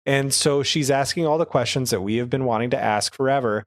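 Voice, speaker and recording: Relaxed man discussing a show. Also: mid-range voice, brisk, dry recording, studio quality. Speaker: podcast co-host. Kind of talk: casual podcast recap.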